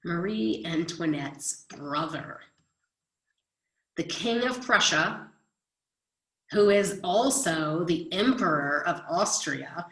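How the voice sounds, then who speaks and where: A woman's voice: on the low side, animated, slow pace, pauses often, echoey room, poor audio. A woman history teacher giving a chatty recorded lecture, explaining with everyday examples.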